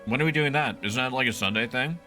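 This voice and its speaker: A man at a mid-range pitch, casually narrating his gameplay to viewers. He rambles and swears freely, and game music plays steadily underneath. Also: quick pace, bright, forceful tone. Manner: rambling and profane, talks to chat. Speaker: streamer.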